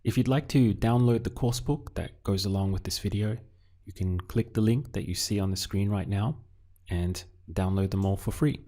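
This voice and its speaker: A man teaching a recorded language lesson, asking slow, deliberate questions and pausing for the learner to answer. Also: fairly low pitch, dark tone. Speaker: Spanish teacher.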